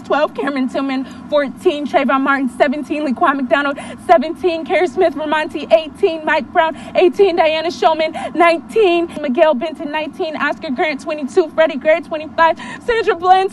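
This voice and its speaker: High-voiced woman performing spoken word. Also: normal speed. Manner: rhythmic, impassioned, repeating refrains. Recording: distant mic with faint background noise.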